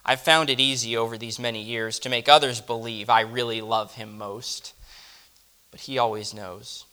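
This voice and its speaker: A man delivering a first-person dramatic monologue, reflective and often dropping to a hush. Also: mid-range voice, steady tone, moderate pace. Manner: reflective, dropping to hushed tones. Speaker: storyteller.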